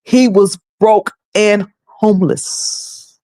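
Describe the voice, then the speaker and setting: A woman's voice: medium pitch, extremely slow, mellow, no room sound. A woman hosting a livestream, talking in a colloquial, preachy way and laughing often. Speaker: livestream host. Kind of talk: casual livestream commentary.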